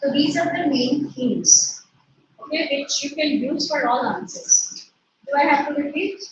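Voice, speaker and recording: Lady teacher, high voice, slow dictation, echoey far off muffled recording. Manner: slow dictation, repeating and spelling words. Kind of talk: dictating a class lesson. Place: classroom or online class. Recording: echoey, distant, muffled with noise.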